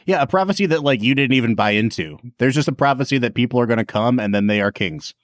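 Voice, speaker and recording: A man's voice: medium pitch, fast, no echo, studio quality. A man co-hosting a podcast in casual chat, laid-back and playful. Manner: laid-back, playful, reads review passages aloud. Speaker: podcast co-host.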